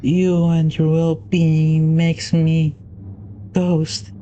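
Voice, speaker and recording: A man's voice: fairly high pitch, completely flat delivery, dark tone, muffled recording, a little hiss or hum. A man voicing a creepy unseen presence that claims to be a best friend, drawing out every word in a coaxing way. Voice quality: slow, drawn-out, coaxing.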